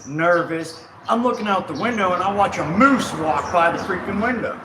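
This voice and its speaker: A man casually telling a personal travel story, rambling and animated with frequent self-corrections. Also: fairly high pitch, a little hiss or hum. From United States. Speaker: vlog host. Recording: roomy echo with faint outdoor ambience and birds.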